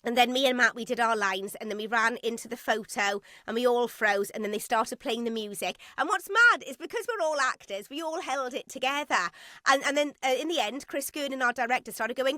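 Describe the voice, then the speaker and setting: A woman's voice: fairly high pitch, lively intonation, a little fast, bright, forceful tone, no echo, studio quality. A woman in her forties, a guest actress, telling an emotional behind-the-scenes story on a podcast, with quoted asides. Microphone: podcast studio mic.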